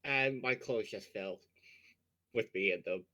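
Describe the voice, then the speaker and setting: A man playing a tabletop game, joking about his own clumsy character in a deadpan, self-mocking way. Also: on the low side, measured pace, poor audio. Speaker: player. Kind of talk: tabletop role-play.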